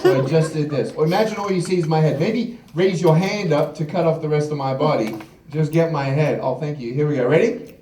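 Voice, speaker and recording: A man with a dark-toned voice on the high side speaks a little fast, giving a live keynote in a big hall with slight background noise. The echoey recording places him far from the mic. A motivational speaker, he shares humorous anecdotes and acts out quotes with laughter.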